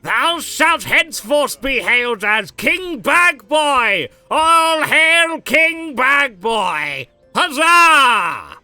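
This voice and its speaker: A man doing a slow stately royal voice. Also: mid-range voice, huge pitch swings, sharp tone, soft background music, exaggerated voice. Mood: triumphant. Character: grand royal figure speaking in archaic formal speech.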